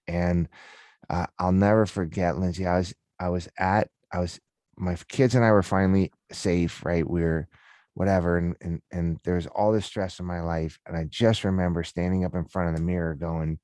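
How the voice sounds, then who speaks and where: A man with a very low, deep voice, speaking as a podcast guest. He talks candidly, in a storytelling way, often restarting his sentences. The sound is close and dry, with no room echo. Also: steady tone, normal speed, darkish tone. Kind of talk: casual interview talk.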